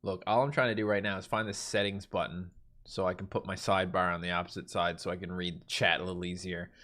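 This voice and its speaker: Talking fast in a low, level voice that sounds pushed and bright, a Newfoundland livestream host chats casually. With his Newfoundland accent, he answers viewer chat from a mostly empty room with carpeted floors.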